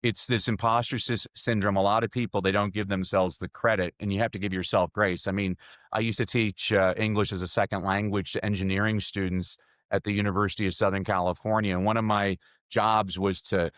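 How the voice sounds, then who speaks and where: A middle-aged man, a speaking coach, telling stories energetically as a podcast guest, his voice jumping up in pitch. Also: a little fast, no echo. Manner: energetic storyteller with sudden jumps in pitch. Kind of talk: podcast interview answers.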